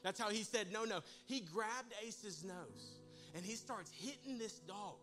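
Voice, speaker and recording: A man preaching to his congregation, telling a comic personal story with animated, humorous delivery. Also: high voice, measured pace, over music. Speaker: pastor. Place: church service in a large room.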